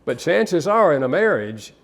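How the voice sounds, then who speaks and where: A man's voice: fairly high pitch, big pitch swings, moderate pace, a bit bright. A man counselor giving a live seminar talk to an audience, conversational and anecdotal, with occasional restarts. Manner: conversational, storytelling, some repeated restarts.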